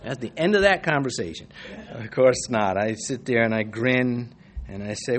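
A man's voice: mid-range voice, moderate pace. A man preaching an expository sermon in a conversational way, reading scripture and acting out quoted voices with the odd chuckle.

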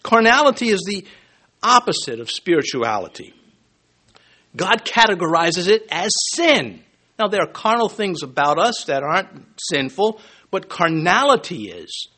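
Animated man preaching, high lively voice. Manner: animated, emphatic, joking asides with quick swings between loud and soft. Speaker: pastor. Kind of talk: sermon.

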